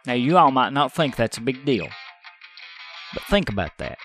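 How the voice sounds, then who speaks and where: A man's voice: medium pitch, sing-song, moderate pace, a bit bright, soft background music. A middle-aged man hosting a podcast, ranting in an exasperated, profane way. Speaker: podcast host. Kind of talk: casual ranting podcast talk.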